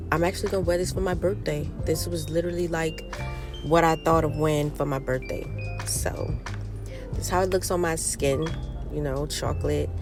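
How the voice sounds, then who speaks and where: A young woman with a stuffy nose, chatting upbeat and slangy to her viewers at home as a beauty vlogger. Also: low voice. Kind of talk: casual vlog chat. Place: room at home.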